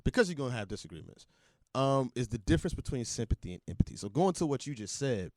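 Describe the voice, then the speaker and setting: A man co-hosting a casual podcast, thoughtful and measured as he explains his view. His voice sits mid-range and dry, close to the mic. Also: medium pitch, big pitch swings, a little mellow, no echo. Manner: reflective, explains points step by step. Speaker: podcast co-host. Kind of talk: casual chat.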